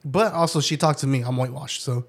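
Young man, mid pitch, casual chat, laid-back, stammers, restarts. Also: fast talker.

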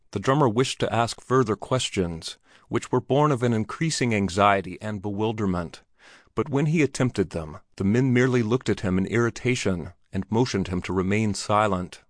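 A man narrating a classic short story in a low, measured voice. His pacing is descriptive and steady. The recording is dry, with no room sound. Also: dry recording. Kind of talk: audiobook narration.

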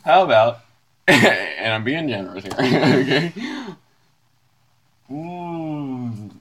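A man's voice: medium pitch, expressive, drawn-out words, pauses often, fairly bright tone, a little hiss or hum. A young man playing a tabletop game, cocky and giggly, haggling stubbornly in character. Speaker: player.

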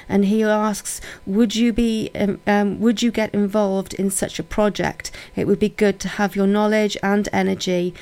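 A woman's voice: medium pitch, flat delivery, normal speed, few pauses, a little mellow, smooth. A woman co-hosting a radio chat show, reading listener messages with many ums and eager praise. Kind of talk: casual chat.

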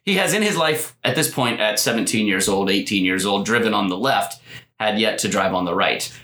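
A man's voice: on the low side, brisk, bright, forceful tone, reverberant. A man co-hosting a podcast, telling rambling, joking stories in casual chat. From United States. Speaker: podcast co-host.

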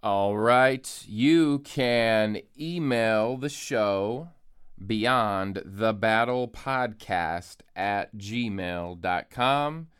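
A man's voice: on the low side, very slow, fairly bright tone, clean tone, no echo, studio quality. A man hosting a solo podcast from an empty room, chatting in a joking, self-deprecating way. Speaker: podcast host and author. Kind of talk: casual solo podcast monologue. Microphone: studio microphone.

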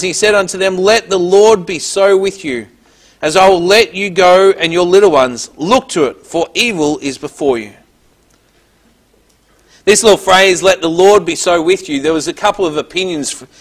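A man preaches a Bible teaching in a slightly high, somewhat bright voice. He reads verses aloud, then explains them in plain words, making small restarts along the way.

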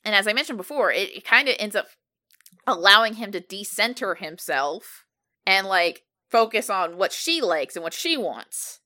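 A woman's voice: medium pitch, expressive, moderate pace, sharp tone. A woman in casual podcast chat, talking in a rambling way with hesitant restarts.

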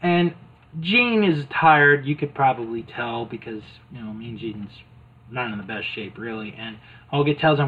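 A man's voice: mid-range voice, measured pace, husky. A man casually retelling an old wrestling videotape scene by scene, amused and rambling with fillers. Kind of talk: casual chat. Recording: tinny phone-like sound.

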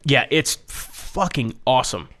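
A man with a mid-pitched, everyday voice, chatting loosely on a podcast. He rambles through stories with fillers and casual swearing. He slips into high, singsong voices when he quotes people. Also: sing-song, measured pace, fairly bright tone. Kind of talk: casual chat, telling travel stories.

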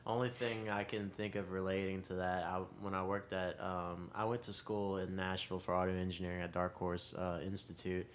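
A man guesting on a podcast, an animated storyteller who swears and laughs through his anecdotes. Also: deep voice, fairly quick, hardly any pauses, a little hiss or hum. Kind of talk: casual chat.

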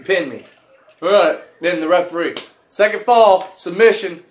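A man's voice: sits high, moderate pace. A man in casual chat, wry and joking as he recounts events. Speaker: podcast co-host. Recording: echoey room with faint noise.

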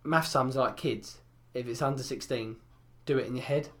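This podcast co-host is a young man with a medium-pitched, somewhat bright voice at a normal pace. In casual chat he spins crude, meandering tales full of fillers.

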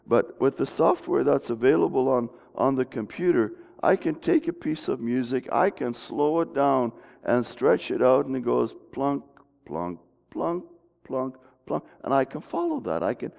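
A man's voice: medium pitch, animated, normal speed, vocal fry, few pauses, a little mellow. A middle-aged man preaching a folksy, conversational sermon in a church, often restarting his sentences. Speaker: pastor. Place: church sanctuary. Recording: long reverb of a church hall.

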